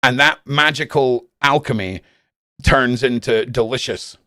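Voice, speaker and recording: A Scottish man rambles to his live-stream chat in a loose, casual way. He swears heavily and talks bluntly with lots of animation. His voice sits at an everyday middle pitch, and the sound is dry and close with no room echo. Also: lively intonation, moderate pace, fairly bright tone. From Scotland.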